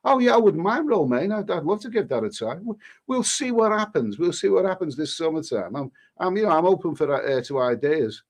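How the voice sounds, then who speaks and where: A man hosts a casual live stream and reads out viewers' messages in a voice that sits a little high. He answers with cheeky, joking banter, often stopping to restart his sentences. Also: very animated, a little fast. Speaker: travel vlogger reading live chat.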